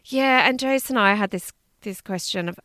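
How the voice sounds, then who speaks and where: A woman's voice: medium pitch, normal speed, fairly bright tone, no echo, studio quality. An Australian woman co-hosting a podcast in casual chat, chatty and laughing often, swearing freely. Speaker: podcast co-host.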